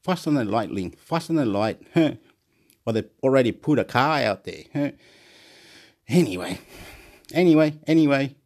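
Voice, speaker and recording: A man's voice: medium pitch, animated, unhurried, pauses often, darkish tone. A man rambling to camera in a vlog, repeating himself, jumping between ideas and laughing often. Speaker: YouTuber.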